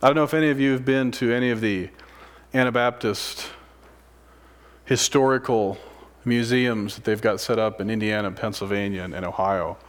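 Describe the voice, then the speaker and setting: A man preaching a sermon, swinging from loud, excited exclamations to hushed, almost whispered lines, and asking many rhetorical questions. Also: on the low side, normal speed. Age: adult, a father of sons.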